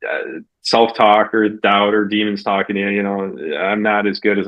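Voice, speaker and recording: Male podcast host, low voice, chatty storyteller who acts out quotes, muffled lo-fi sound. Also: brisk. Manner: animated, acts out quotes with big jumps in pitch. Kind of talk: casual interview chat, storytelling.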